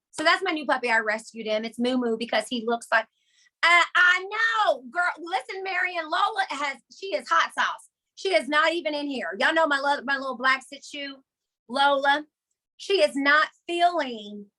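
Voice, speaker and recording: A woman hosting a motivational team call, energetic and emphatic, repeating her key points with chatty asides. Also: sits high.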